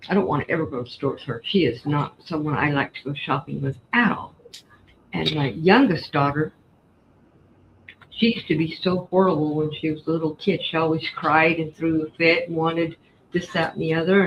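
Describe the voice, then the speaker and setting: A middle-aged woman with a fairly low voice hosts a casual chat while crafting, speaking bluntly and frankly as she tells stories about her family. The stream audio is slightly dull, with faint background noise.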